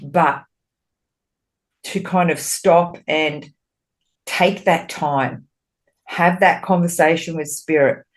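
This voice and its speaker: A female podcast co-host and spiritual medium speaks in a low voice, slowly and with frequent pauses. In casual, candid conversation she is expressive and swears freely. Retelling her conversations with spirit makes her animated.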